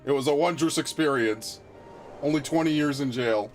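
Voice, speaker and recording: A man voicing a boastful doting father who talks in a slow, grandiose, mock-sentimental way. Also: a little high, faint music behind, close to an everyday voice.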